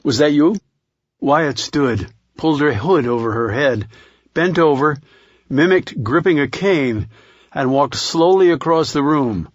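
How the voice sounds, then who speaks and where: Steady male thriller narrator. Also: fairly high pitch, no room sound, lo-fi sound. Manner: measured, steady reading. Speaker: audiobook narrator.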